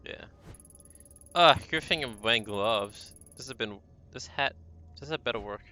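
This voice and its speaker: A man's voice: mid-range voice, measured pace, sharp tone. A man streaming a horror game, joking around, laughing at himself and stammering playfully. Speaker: gaming streamer. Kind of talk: let's-play commentary.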